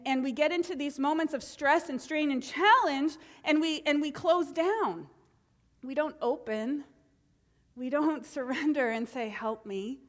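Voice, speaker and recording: A middle-aged woman minister giving a sermon, animated, acting out quotes with voice changes. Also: sits high. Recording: long reverb of a hall.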